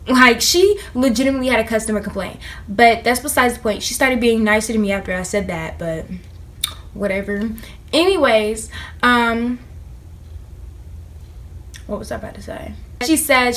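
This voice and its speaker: A young woman vlogger in casual storytime chat, animated and slangy as she talks straight to her viewers. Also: on the high side. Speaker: vlogger telling a work story.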